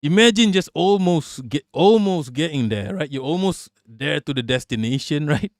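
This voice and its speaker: A man's voice: fairly high pitch, expressive, moderate pace, no echo, clean studio sound. A man hosting a casual political livestream, talking bluntly and profanely and laughing as he reacts to chat. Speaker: livestream host.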